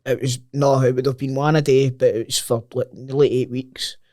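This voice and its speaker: A man's voice: medium pitch, flat delivery, moderate pace, mellow, no room sound. Easygoing man, dry close sound. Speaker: podcast co-host. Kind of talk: casual chat.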